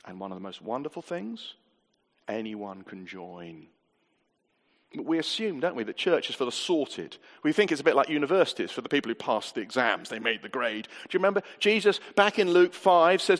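A man's voice: medium pitch, animated, fairly quick. A man preaching a sermon to a church gathering, earnest and conversational, often asking the congregation rhetorical questions. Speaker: pastor. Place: church hall. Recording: long hall reverb.

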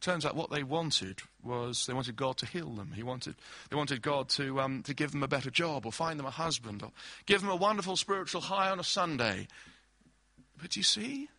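A man's voice: fairly high pitch, animated, normal speed, bright, forceful tone, no room sound. A man preaching a sermon, explaining scripture through everyday illustrations and acted-out quotes.

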